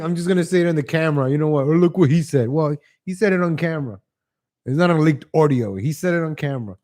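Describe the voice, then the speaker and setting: A man hosting a livestream, giving casual opinion commentary in a rambling way. He chuckles often and calls his viewers ladies and gentlemen. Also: on the high side. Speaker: livestream host.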